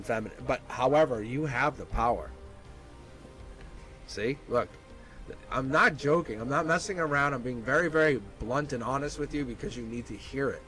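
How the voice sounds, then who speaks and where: Blunt, animated male tarot reader. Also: mid-range voice, rough recording. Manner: blunt, animated, laughs often, acts out quoted lines. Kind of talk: live tarot reading stream.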